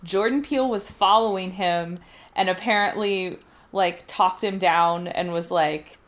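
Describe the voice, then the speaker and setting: A woman co-hosting a casual podcast about films, talking in an animated, indignant way and quoting others in asides. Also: lowish voice, measured pace. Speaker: podcast co-host. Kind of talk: casual film chat.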